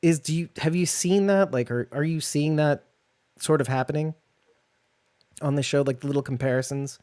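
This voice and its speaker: A man's voice: fairly high pitch, normal speed, darkish tone, dry recording. Rambling man co-hosting a chat show. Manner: thinks aloud, loose and rambling. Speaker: podcast co-host. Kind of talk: casual discussion show.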